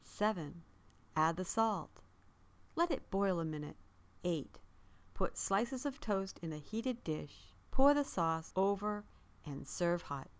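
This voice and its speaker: Slow, measured woman reading a story. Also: fairly low pitch, animated.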